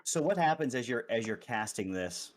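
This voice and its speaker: A man narrating a tabletop game as game master, talking fast with frequent restarts. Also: medium pitch, expressive. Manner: quick, halting narration with restarts.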